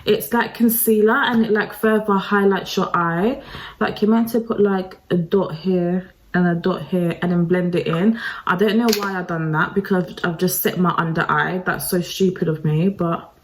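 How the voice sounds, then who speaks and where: A woman's voice: lowish voice, steady tone, moderate pace, low-quality recording. A woman talking through a makeup tutorial, chatty and self-deprecating, addressing her viewers directly. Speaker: beauty vlogger. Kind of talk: casual makeup tutorial talk.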